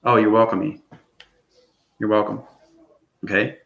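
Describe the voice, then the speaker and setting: This man's lowish, creaky voice comes across flat and a little slow, and the recording is muffled and echoey. Hosting his channel, he rambles through an unscripted spiritual monologue, often ending lines with "okay?".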